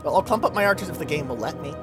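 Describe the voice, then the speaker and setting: A man giving casual, excitable commentary over his own gameplay, swearing freely and breaking into silly sing-song chants. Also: a little high, rapid-fire. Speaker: video game let's play host. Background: game music.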